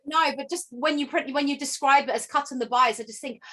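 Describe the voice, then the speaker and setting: A woman host with a slightly raised pitch, asking questions in a relaxed, casual chat. She is encouraging and friendly, with many fillers. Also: quick pace. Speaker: interviewer.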